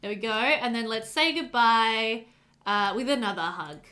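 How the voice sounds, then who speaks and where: A woman hosting a casual let's play, chatting excitably to her game characters as she plays. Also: fairly high pitch, normal speed. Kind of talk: casual gameplay commentary.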